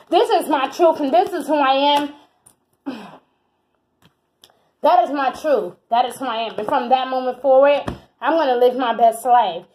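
A woman's voice: high voice, a little mellow, rough recording. A woman giving a tarot reading in an exuberant, emphatic way, repeating phrases for emphasis. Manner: exuberant, emphatic, breaks into laughs and whoops. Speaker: tarot reader.

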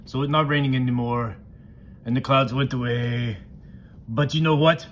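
A man voices a friendly male monster puppet telling a Bible story to a child in broken, simple grammar, in a playful mood. His voice is medium-pitched and fairly bright, with fairly even intonation, a moderate pace, light acting, and slight background noise.

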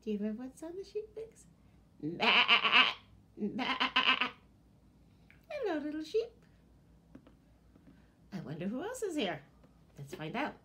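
A woman librarian leading a children's storytime and sing-along, animated and talking to her listeners as friends. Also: high-pitched, normal speed, long pauses.

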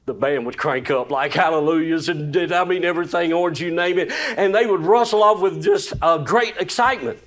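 A male pastor preaching a sermon in a folksy, animated way, full of exclamations, sometimes dropping to a hushed voice for a story. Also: a little high, a little fast, few pauses.

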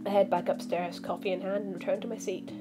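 A woman streamer reads a dating game's text aloud in an even middle pitch, jumping into lively reactions and side comments between lines. Game music plays clearly underneath her. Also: fast. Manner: animated, reacts with outbursts and asides. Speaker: let's play streamer. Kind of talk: reading a visual novel aloud. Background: background music.

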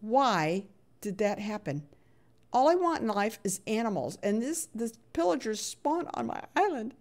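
A woman's voice: a little high, big pitch swings, measured pace, darkish tone. A middle-aged woman talks her way through a live game stream in a loose, chatty voice. She plays up her annoyance, grumbles at the game and reads messages from chat aloud as she goes.

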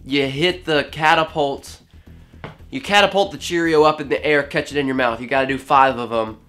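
A man's voice: mid-range voice, normal speed, a bit bright, faint music behind. Goofy young man vlogging while sick. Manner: goofy, playful, self-mocking. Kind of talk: casual vlog.

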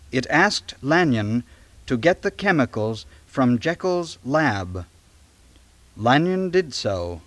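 A man narrating a storybook read-along in a dramatic, measured way. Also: medium pitch, fairly bright tone. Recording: long reverb on late-1970s cassette.

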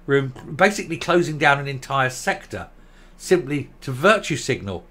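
A man's voice: mid-range voice, very animated, moderate pace, fairly bright tone. A man giving ranting commentary, blunt, sarcastic and combative.

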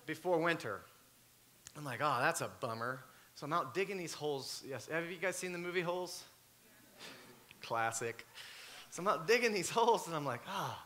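A man, preaching a sermon and telling a story with lively swings between loud and hushed. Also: fairly high pitch. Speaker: pastor.

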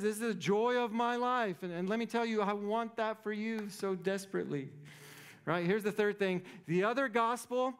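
A man's voice: very high-pitched, fairly bright tone, smooth. A man preaching a sermon as pastor, conversational and playful, often checking in with the congregation. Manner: conversational, playful, keeps asking "right?".

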